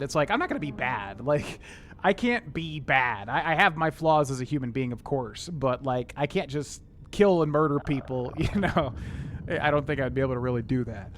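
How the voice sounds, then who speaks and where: A man's voice: on the high side, lively intonation, brisk, fairly bright tone, a little hiss or hum. A young man casually chatting with viewers while streaming a game, rambling with many fillers. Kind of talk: casual gameplay commentary.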